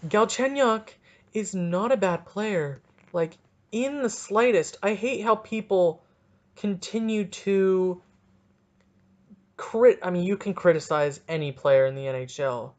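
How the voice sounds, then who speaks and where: A man hosting a casual solo sports podcast, talking in an excitable, rambling and jokey way, with a stuffy nose. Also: sits high, takes it slowly. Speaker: podcast host.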